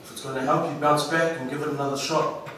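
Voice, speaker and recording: A man with a New Zealand accent giving an inspirational graduation speech, slow and emphatic, heard from far off through a hall's speakers. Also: on the high side, fairly even intonation, a bit bright, slight background noise. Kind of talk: ceremonial speech. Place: large school hall. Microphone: PA microphone, recorded from the audience. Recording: echoey hall from far off.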